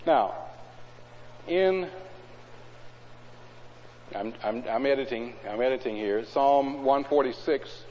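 A preacher giving a sermon in a church. He reads scripture loudly and drops to low, conversational asides. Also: slow pace, pauses often, a little hiss or hum. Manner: swings between loud scripture reading and low conversational asides. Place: church hall. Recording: dull, echoey hall recording.

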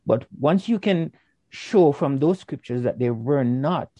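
A man's voice: medium pitch, animated, measured pace, mellow, no room sound. A man in a group bible discussion, speaking earnestly and emphatically while citing scripture. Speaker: bible study participant.

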